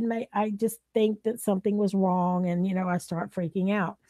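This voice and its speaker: A woman's voice: lowish voice, steady tone, a little fast, hardly any pauses, dark tone, no room sound. A middle-aged woman, chatting emotionally and rambling to her viewers. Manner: rambling, emotional, repeats herself. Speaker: vlogger. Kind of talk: emotional casual chat to viewers.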